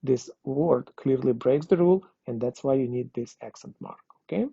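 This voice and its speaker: A man's voice: mid-range voice, normal speed, creaky, warm tone, breathy edge, dry recording. A man teaching a language lesson, explaining grammar patiently and checking understanding with frequent questions. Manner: patient, repeats and checks with "okay?". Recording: dull lo-fi dry recording.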